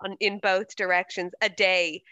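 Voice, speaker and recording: Young irish woman, chatty podcast cohost, lots of swearing and laughing, bright tone, dry sound. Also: mid-range voice, moderate pace, clean tone, no echo, muffled recording. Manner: animated storytelling, swears and laughs a lot. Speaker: podcast co-host. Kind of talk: casual chat.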